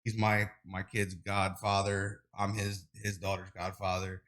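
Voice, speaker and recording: Man, thirties, podcast guest; bright, slightly low voice, loose storytelling full of fillers. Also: a little slow. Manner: rambling, animated storytelling with many fillers. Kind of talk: casual interview chat.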